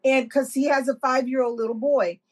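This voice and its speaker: A woman's voice: high voice, steady tone, a little fast. A woman with a Texan accent, a death doula telling stories in a blunt, plainspoken way as a guest. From Texas. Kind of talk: conversational interview.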